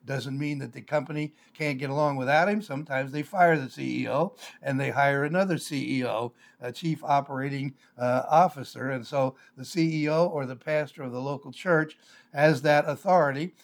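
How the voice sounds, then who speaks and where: Older man, pastor, live Bible teaching, measured explanatory delivery, many "uh" fillers. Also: mid-range voice, vocal fry.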